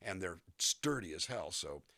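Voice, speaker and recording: A man's voice: low-pitched, lively intonation, a little slow, pushed and bright, dry recording. A man who works as a voice actor and musician, talking in an interview and demonstrating line readings. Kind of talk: conversational interview.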